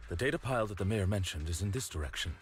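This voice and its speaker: A formal, composed male companion from an action game. He speaks low and quick, with polite composure. The line plays faintly beneath a streamer's talk. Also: animated, husky, soft background music. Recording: in-game voice played under commentary.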